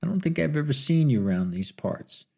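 A man's voice: on the high side, big pitch swings, normal speed, creaky, dark tone, slightly rough, voice pushed up, heavily acted. A man voicing a drawling frontier sheriff. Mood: curious.

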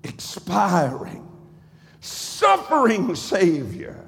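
A male pastor preaching a sermon in a rhythmic, cadenced style that swells into shouts. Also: high-pitched, huge pitch swings, drawn-out words, creaky, long reverb tail, slight background noise. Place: church sanctuary.

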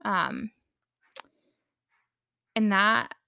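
A young woman hosts a casual personal podcast, her voice bright and edged with vocal fry. She talks candidly and chattily, leaning on fillers and the odd swear word. The sound is close and dry, with no room around it. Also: medium pitch, expressive, very slow, dry recording. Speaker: podcast host.

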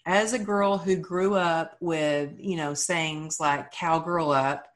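A woman from Texas in her thirties speaks in a somewhat low voice. She tells her story earnestly and acts out the lines of other people with animation. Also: slow pace. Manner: earnest, animated retelling of dialogue. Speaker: guest, author. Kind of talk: conversational interview storytelling.

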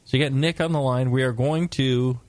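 A man's voice: mid-range voice, steady tone, a little fast, darkish tone, dry recording. A man hosting a casual beer talk show, joking and teasing his guests. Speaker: podcast host.

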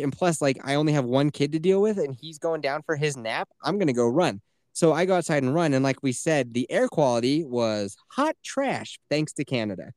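Recording from a small closet, this male podcast host spins stories in a casual, chatty way and swears freely. His pitch is fairly high, his intonation lively, and he talks a little fast, with clean studio sound and no echo.

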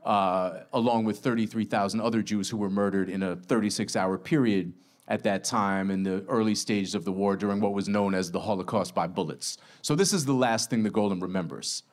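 A male author sums up his novel for an audience in a relaxed, chatty way. He pokes fun at himself and keeps the story moving. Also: fairly low pitch, brisk. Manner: casual, self-deprecating, lively storytelling. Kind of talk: book talk summarizing his novel.

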